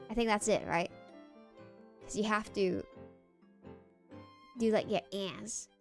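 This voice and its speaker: A woman's voice: medium pitch, slow pace, pauses often, soft background music. An American woman streaming, reacting to videos in playful, meandering casual commentary. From United States.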